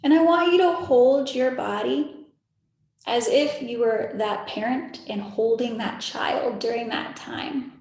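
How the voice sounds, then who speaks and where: A young woman in her twenties guides a meditation over a video call, her voice soft, soothing and a little high. She repeats gentle reassurances and keeps slipping in casual filler words. The call sounds very echoey, as if she is in a bare, hollow room. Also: takes it slowly. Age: 20s. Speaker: spiritual meditation leader. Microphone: video call microphone.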